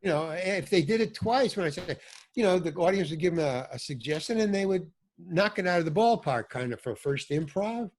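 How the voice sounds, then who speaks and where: With a high-pitched, animated voice and a fairly quick pace, an older actor-director rambles through stories as a podcast guest. The casual storytelling interview finds him interrupting himself and frequently losing his thread.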